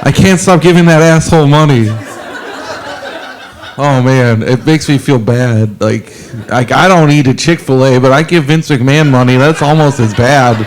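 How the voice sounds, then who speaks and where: A man's voice: medium pitch, normal speed, a little hiss or hum. A man in his forties working a comedy club stage, telling his set in a loose, rambling way. He runs his bits down with self-deprecating asides and trips over fillers as he goes, speaking into a handheld mic. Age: 40s. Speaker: stand-up comedian.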